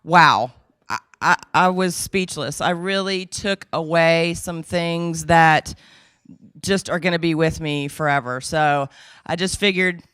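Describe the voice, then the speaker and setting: A woman's voice: sits low, slow pace, a bit bright, clear, resonant tone, no room sound, clean studio sound. A woman who organized the event, introducing the guest speaker in a hesitant way, with many fillers.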